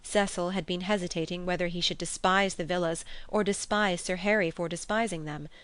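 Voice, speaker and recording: A woman reads a classic novel aloud, her voice on the low side and measured. The sound is dry and close, with no room to it. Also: steady tone, fairly bright tone, smooth, no room sound. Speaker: audiobook narrator. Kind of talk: scripted narration of a classic novel.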